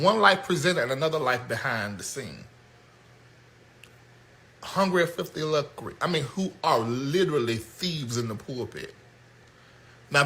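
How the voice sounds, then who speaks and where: Man as show host, high-pitched, very bright sharp tone, blunt animated comedic rant. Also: creaky. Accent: American. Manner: animated, blunt, yelling outbursts.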